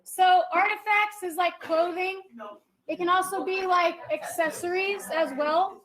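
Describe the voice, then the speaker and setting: Very high-voiced woman teacher. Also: steady tone, unhurried, a bit bright, rough recording. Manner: explains step by step, checking in with "okay?"; firm with chatty students. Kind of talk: classroom lecture. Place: classroom.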